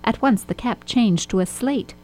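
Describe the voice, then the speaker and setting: Woman narrator for a children's storybook, steady and expressive. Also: a little high, normal speed, low-quality recording.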